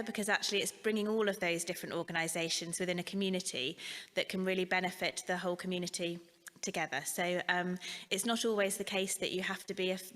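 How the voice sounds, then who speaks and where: A woman from a community organisation answering a question in a measured, explanatory way on an online panel. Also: fairly low pitch, fairly bright tone, in a large hall.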